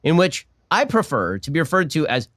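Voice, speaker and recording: A young man hosts a political show in a mocking, sarcastic tone. His voice sits a little high and swings widely in pitch. His delivery is animated throughout. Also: fairly quick, over music. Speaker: political talk show host.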